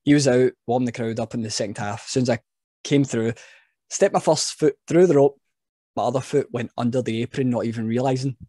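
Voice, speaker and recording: A man's voice: medium pitch, brisk, dry recording, studio quality. A man, a wrestling referee guest, telling stories in a casual chat and laughing at himself. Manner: animated storyteller, laughs at himself.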